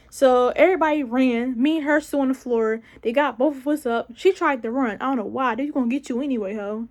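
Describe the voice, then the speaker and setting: A young woman from around tells a casual storytime to her viewers. Her voice sits high, and she talks in an animated, profane way, acting out the people in her story. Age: young adult. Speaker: vlogger.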